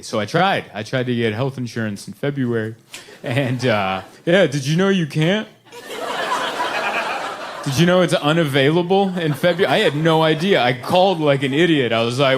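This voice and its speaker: A man performing a stand-up comedy set on a club stage, telling stories animatedly and putting on high voices for his wife. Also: normal speed. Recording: live club recording with crowd noise.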